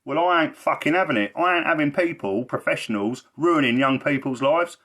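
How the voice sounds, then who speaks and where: A man's voice: a little high, expressive, a little fast, a bit bright. A man talking in a blunt, rambling way on a casual livestream, swearing a lot and repeating himself for emphasis. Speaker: livestreamer and social care campaigner.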